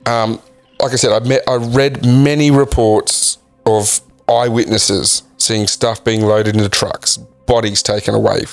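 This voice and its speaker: A man co-hosting a casual podcast, reading facts from a list in a halting way with frequent ums. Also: on the low side, fairly even intonation, dry recording, faint music behind. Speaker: podcast co-host. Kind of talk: casual chat.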